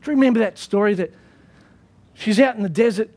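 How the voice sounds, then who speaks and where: A man with a strikingly high voice preaches a sermon from the pulpit. His delivery is emphatic, and he leans on repeated phrases to drive each point home. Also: fast, a little mellow. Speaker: pastor.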